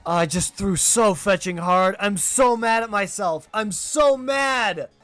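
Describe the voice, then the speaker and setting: Man, high voice, live game streamer, animated, self-critical, faint music behind. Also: takes it slowly. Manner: animated, self-critical, talks straight to viewers. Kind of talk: live gameplay stream commentary.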